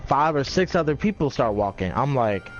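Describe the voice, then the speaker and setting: A man tells a long story in a loose, rambling way, leaning on fillers and swearing freely. His voice sits at an ordinary pitch for a man. The audio is dull and muffled. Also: big pitch swings, normal speed, soft background music. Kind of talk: casual chat.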